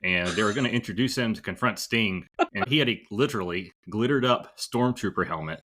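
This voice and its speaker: A man's voice: fairly low pitch, brisk, fairly bright tone. A man co-hosting a podcast, casually telling an easygoing story and chatting about old films. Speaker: podcast co-host. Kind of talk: casual chat.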